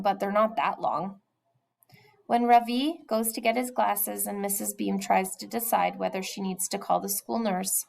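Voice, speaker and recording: Gravelly woman reading a story aloud. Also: medium pitch, rough recording. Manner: expressive storytelling, drops to a whisper at times. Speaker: reader. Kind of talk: reading a children's novel aloud.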